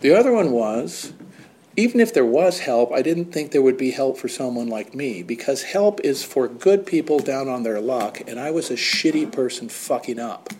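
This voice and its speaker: A man's voice: medium pitch, animated, normal speed, a little mellow, a little hiss or hum. A man candidly telling his own recovery story with blunt words and wry, self-deprecating humor. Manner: blunt with casual swearing.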